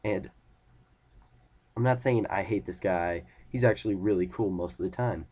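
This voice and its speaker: A teenage vlogger rants casually to the camera in a low, dark-toned male voice at a moderate pace. He rambles irritably, retelling conversations he had with his friends.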